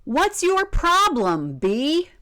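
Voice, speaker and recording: A pushy, easily annoyed young boy in a children's storybook, his voice pitched high and swinging up and down, as a woman puts him on. He talks in a demanding, whiny way, recorded close and dry. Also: big pitch swings, takes it slowly, fairly bright tone, no echo, full character voice. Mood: indignant. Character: impatient young boy, quick to get annoyed. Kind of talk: children's storybook read-aloud.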